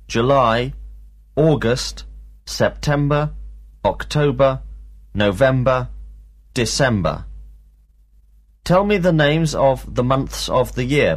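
A man teaching a scripted drill lesson, speaking slowly and pronouncing each word with care. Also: mid-range voice. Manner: slow, deliberate, enunciating each word. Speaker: language teacher.

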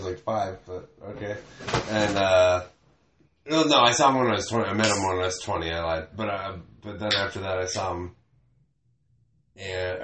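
A man telling a rambling story on a casual podcast, swearing and trailing off often. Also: fairly low pitch. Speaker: comedian podcast host. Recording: echoey room with faint noise.

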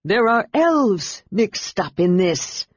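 A woman's voice: mid-range voice, sing-song, slow pace, slightly rough, dry recording, full character voice. Snarly impatient male dragon , a lady reader doing the voice, dull dry audiobook sound. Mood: gruff. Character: blue dragon, male, large, gruff and impatient.

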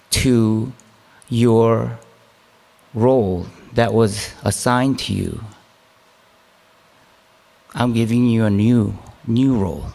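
A man delivering a relaxed, conversational sermon as a pastor. His voice has a gravelly edge, and he takes his time, slipping into self-deprecating asides. The recording carries a long hall reverb. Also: medium pitch.

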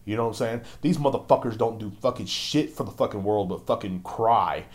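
Young guy, low voice, solo podcast rant, foul-mouthed and mocking. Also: fairly quick. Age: young adult. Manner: profane, ranting, mocks others in squeaky voices. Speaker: podcast host.

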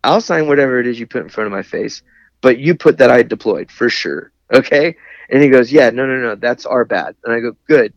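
A man's voice: medium pitch, expressive, a little fast, no room sound, dull audio. A man, a Navy veteran, telling a long personal story in casual, candid speech with wry humor. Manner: candid, wry, laughs at his own anger. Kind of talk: conversational storytelling.

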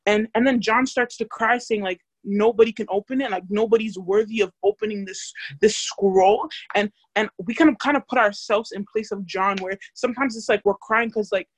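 A woman's voice: mid-range voice, steady tone, normal speed, few pauses, dry recording. Young woman leading bible study, casual and chatty, keeps quizzing the group, dry sound. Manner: chatty, many fillers, questions to the group.

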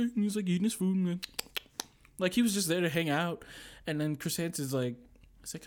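A man's voice: on the high side, sing-song, quick pace. A young man, a podcast guest, telling a story in casual chat, acting out voices and laughing often.

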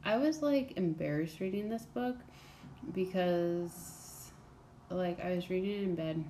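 A woman's voice: on the low side, a little slow, mellow, a little hiss or hum. A young woman hosting a casual book review chat, blunt and chatty, full of fillers and asides. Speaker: book podcast host.

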